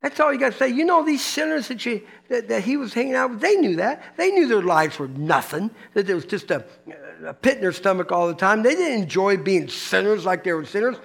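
An older male pastor delivers a lively, folksy sermon, swinging between excited bursts and quiet emphasis. His voice sits high for a man and carries a gravelly rasp. Casual slang like "dude" and "man" slips into his preaching.

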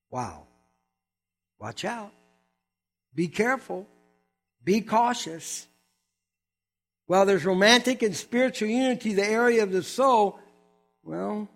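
High-voiced older man preaching with humor. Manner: animated storytelling with quick asides. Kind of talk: humorous testimony sermon.

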